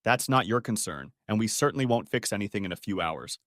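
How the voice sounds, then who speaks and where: A man's voice: on the low side, lively intonation, brisk, a bit bright, dry recording, studio quality. A man voicing a betrayed husband who speaks in a caustic, commanding tone. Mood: cold. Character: betrayed husband, cold and controlled, flaring angry.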